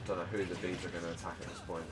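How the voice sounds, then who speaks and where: Over music, a man with a low-pitched voice rattles off rapid-fire, casual commentary on a computer-run fighting game tournament. He's excitable and chatty, tossing in joking, self-mocking asides.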